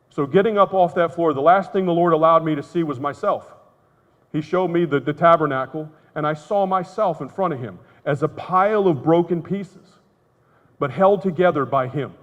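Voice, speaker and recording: Earnest man telling a story in a hall. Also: on the high side. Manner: earnest storytelling, candid and emotional. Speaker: conference speaker. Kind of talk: testimony talk. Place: conference hall. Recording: muffled, reverberant hall sound.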